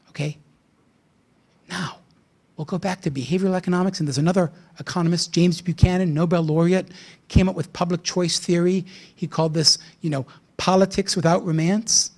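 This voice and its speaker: A man giving a blunt, provocative conference talk with sardonic asides. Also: high voice. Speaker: invited speaker.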